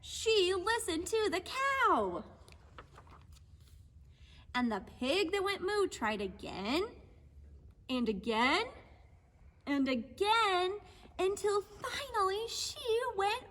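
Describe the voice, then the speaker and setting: Woman reading to little kids, super lively up and down voice, takes her time, gentle. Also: extremely high pitch, slow pace, in a large hall. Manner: gentle, patient, speaks to children as friends. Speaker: children's horse program instructor. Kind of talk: children's lesson and read-aloud.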